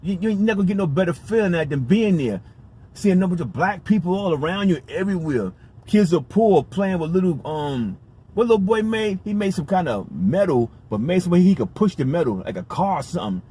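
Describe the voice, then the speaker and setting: A man's voice: high-pitched, lively intonation, brisk, mellow, husky. A man telling a story in a casual, rambling vlog, emphatic and repetitive, with some swearing. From United States. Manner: rambling, emphatic, profane, repeats himself. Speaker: vlogger.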